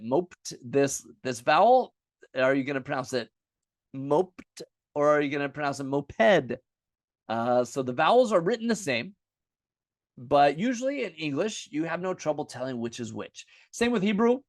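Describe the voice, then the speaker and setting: A man's voice: on the high side, no echo, clean studio sound. A man teaching an unscripted lesson, explaining step by step at a chart, casual with many fillers and self-corrections.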